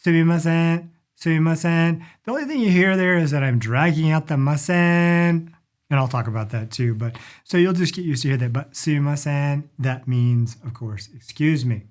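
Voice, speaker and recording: A middle-aged man giving a casual lesson on polite phrases, repeating each word slowly for learners. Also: on the high side, animated. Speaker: language and culture teacher. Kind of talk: casual instructional talk.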